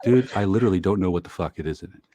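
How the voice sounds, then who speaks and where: A man's voice: low-pitched, rapid-fire, mellow. A man streaming in a voice chat, ranting angrily and swearing often. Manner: profane angry ranting. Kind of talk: heated voice chat argument.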